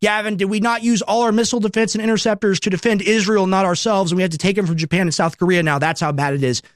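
A young male radio host in his twenties runs a heated commentary monologue, hammering points home with repeated rhetorical questions. His voice sits high for a man, and the sound is dry and close, with no room echo. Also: fairly even intonation, quick pace. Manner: emphatic, repetitive rhetorical questions.

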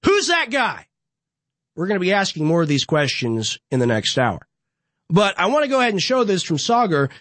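A man's voice: sits high, huge pitch swings, moderate pace, fairly bright tone, no room sound. A young man hosting a political show from a studio, delivering an impassioned, ranting monologue full of repeated rhetorical build-ups. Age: young adult. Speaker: political podcast host.

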